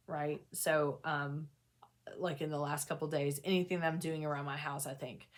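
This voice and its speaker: A woman with a notably low voice, speaking straight to her viewers in a candid, unscripted way. She is earnest and self-deprecating, often backing up mid-sentence and wandering into asides. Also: steady tone, normal speed. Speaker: mental health vlogger sharing personal experience. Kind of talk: candid casual talk to camera.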